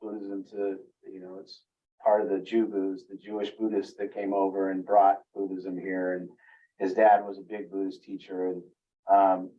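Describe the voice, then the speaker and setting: A man's voice: completely flat delivery, moderate pace. Man coaching parents, distant dull sound. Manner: earnest, acts out parents' inner voices in a raised pitch. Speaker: family recovery coach. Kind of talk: teaching talk to parents.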